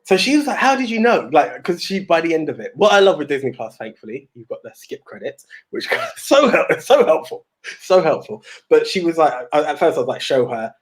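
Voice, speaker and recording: A young man co-hosting a podcast, telling stories in a rambling, animated way with many restarts. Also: a little high, a little fast, a little hiss or hum. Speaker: podcast co-host. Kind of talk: casual chat.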